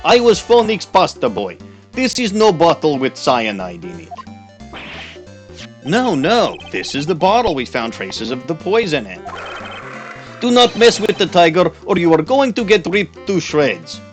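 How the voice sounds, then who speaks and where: A man's voice: a little high, huge pitch swings, a little slow, pitched above the performer's own voice. A man doing a blustering Russian-accented villain. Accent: Russian (put on). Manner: loud, gloating, calls everyone comrade. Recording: faint music behind.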